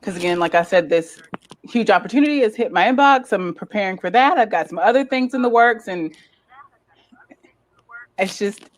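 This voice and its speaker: A woman guest in a casual interview, chatting in an animated way and laughing often as she tells stories. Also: mid-range voice, moderate pace, long pauses. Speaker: guest, lifestyle content creator.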